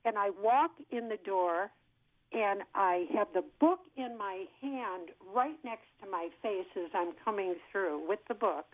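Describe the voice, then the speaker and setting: A woman in her sixties, an actress, telling an animated story in an interview and acting out what people said. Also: medium pitch, measured pace, dry recording. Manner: lively storyteller who acts out what people said. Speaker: actress guest. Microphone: telephone. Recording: tinny phone line.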